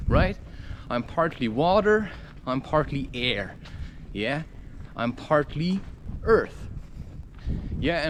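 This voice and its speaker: A man's voice: a little high, slight background noise. A man rambling through a spiritual monologue outdoors, laughing at his own points and acting out quoted voices. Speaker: spiritual talker. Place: outdoors, walking or climbing.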